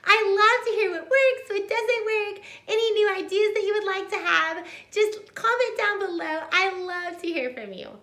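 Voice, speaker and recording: A woman's voice: very high-pitched, moderate pace, hardly any pauses, sharp tone, roomy sound. A woman tutor explaining classroom review games and hand motions in an upbeat, demonstrating way. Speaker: homeschool tutor. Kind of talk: instructional video.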